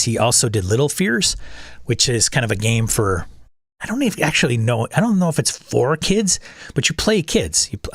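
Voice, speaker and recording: A man's voice: fairly low pitch, no room sound, studio quality. A man hosting a casual solo chat, rambling and often restarting his sentences. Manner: rambling, self-correcting, repeats words. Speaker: channel host. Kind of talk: casual solo chat about tabletop games.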